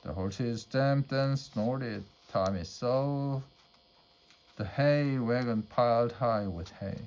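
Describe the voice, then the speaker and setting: A man reading a children's storybook aloud at a measured pace. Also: medium pitch, a little mellow. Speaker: storybook reader.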